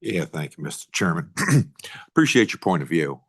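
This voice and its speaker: Very deep husky-voiced man, blunt. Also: very animated, normal speed, a bit bright. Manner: blunt, repeats himself, restarts often. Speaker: state senator. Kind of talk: committee hearing questioning.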